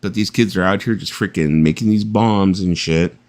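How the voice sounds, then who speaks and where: A man's voice: sits low, moderate pace, a little mellow. A man hosting a late-night live stream, chatting casually in a joking, rambling way. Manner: joking, rambling, laughs often. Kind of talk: casual chat.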